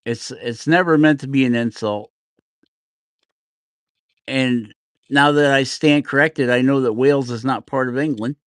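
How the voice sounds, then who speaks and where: A man's voice: medium pitch, measured pace, long pauses, no room sound. A middle-aged man from New Jersey talks loosely while carving and chats with viewers of his livestream. He rambles from topic to topic and laughs at himself as he goes. His voice is recorded close and dry, with no room sound. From New Jersey, USA. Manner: rambling, self-deprecating, laughs often. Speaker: woodcarving livestream host. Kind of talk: casual chat while carving.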